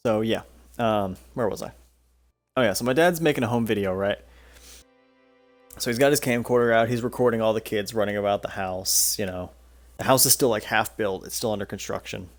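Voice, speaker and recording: A man's voice: fairly low pitch, fairly quick, faint music behind. A young man streaming a game, telling stories in a rambling, profane way and laughing often. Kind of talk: casual storytelling while playing a game.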